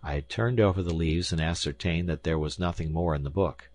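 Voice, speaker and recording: A man narrating an audiobook in a measured, even reading style at a close studio microphone. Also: low voice, dry recording. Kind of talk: scripted narration.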